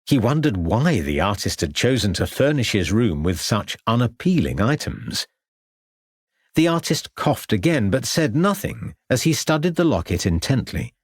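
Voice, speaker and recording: A man narrating a crime audiobook in a measured, descriptive way. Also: lowish voice, sing-song, dry recording, clean studio sound. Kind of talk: scripted narration.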